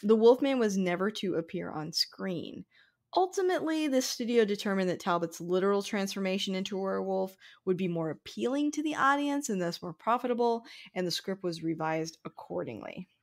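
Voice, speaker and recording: A woman's voice: mid-range voice, lively intonation, fairly quick. A woman co-hosting a casual film podcast, chatty with many fillers, sometimes reading a synopsis aloud. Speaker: podcast co-host.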